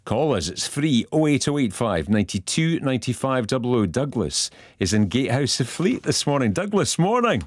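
A man's voice: medium pitch, very animated, moderate pace, few pauses, no room sound, clean studio sound. A man hosting a radio phone-in, upbeat and encouraging with callers. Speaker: radio host. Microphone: studio microphone.

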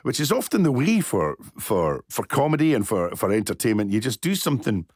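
Quick guy asking questions, dry close mic. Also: medium pitch, sing-song, a little mellow, breathy edge, dry recording. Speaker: interviewer. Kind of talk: casual interview chat.

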